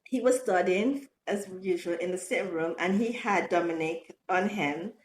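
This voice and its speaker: A middle-aged woman, a podcast guest, telling stories about motherhood in a lively way, laughing often and acting out quotes. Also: lowish voice, moderate pace, a little hiss or hum. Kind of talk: casual storytelling interview.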